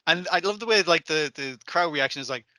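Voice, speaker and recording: A man's voice: fairly high pitch, a little fast, bright, forceful tone, no echo. A man co-hosting a podcast in casual chat, laughing often and swearing as he retells scenes. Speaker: podcast co-host.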